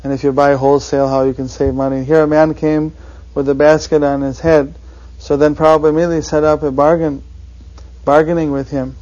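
A man recounting anecdotes in a reminiscing interview, halting and full of fillers. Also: fairly high pitch, flat delivery, a little mellow, dull audio. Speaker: devotee recalling his teacher.

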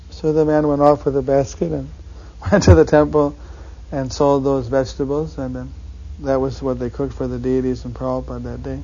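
A man recounting anecdotes in a reminiscing interview, halting and full of fillers. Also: mid-range voice, flat delivery, dark tone, dull audio. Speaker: devotee recalling his teacher.

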